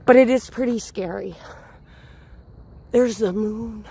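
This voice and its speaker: A woman hosts a live walk through a city park at night, filming on her phone as she goes. She speaks in a fairly high voice at an unhurried pace, chatting easily and greeting viewers by name. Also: creaky, mellow, breathy edge. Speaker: host of a livestreamed city walk. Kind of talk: casual live-stream chat, answering viewers.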